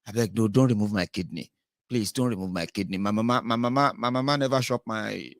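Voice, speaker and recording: A man's voice: fairly low pitch, a little fast, no echo, studio quality, lightly acted. A man voicing a frightened young man who begs in Nigerian Pidgin. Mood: pleading. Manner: begging, desperate.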